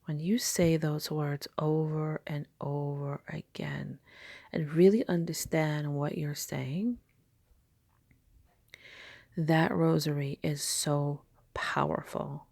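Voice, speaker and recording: A woman with a low, gravelly voice talks casually about spiritual practice. Her delivery rambles and often sinks to a soft whisper. The recording is dry and close. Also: no echo. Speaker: spiritual teacher.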